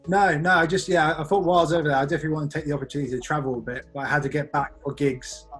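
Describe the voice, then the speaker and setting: A young Englishman in his twenties answers interview questions at a brisk clip. His speech is loose and chatty, full of fillers and restarts. Faint music plays underneath. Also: fairly high pitch, steady tone, fairly bright tone. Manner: rambling, many "like" fillers, laughs easily. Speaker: guest magician. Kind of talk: casual podcast interview.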